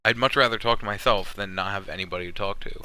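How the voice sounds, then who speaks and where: A man hosting a casual gaming podcast, talking in an animated way and swinging his pitch up when telling stories. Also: fast, crowd noise, poor audio. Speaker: podcast host.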